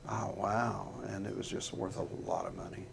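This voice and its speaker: A middle-aged man telling an earnest, folksy story to a live audience in a guitar showroom, halting often with fillers. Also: low-pitched, flat delivery, gravelly, background noise.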